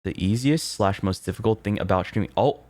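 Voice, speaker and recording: A man's voice: fairly low pitch, a little fast, darkish tone, dry recording. A young man streaming from home into a close desk mic, chatting casually with his viewers in a rambling way, with laughs and swearing. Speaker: VTuber streamer. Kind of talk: casual livestream chat reading confessions.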